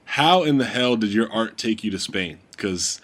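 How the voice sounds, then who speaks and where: A man's voice: lowish voice, expressive, normal speed, a bit bright. A man hosting a podcast in a loose, joking, profane way. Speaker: podcast host. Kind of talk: casual podcast chat.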